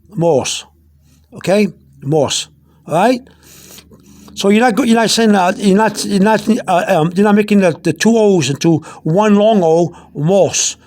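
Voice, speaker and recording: High-voiced man teaching pronunciation. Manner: repetitive, patient, restarts often. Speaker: Spanish teacher. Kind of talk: informal pronunciation lesson. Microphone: phone held in one hand.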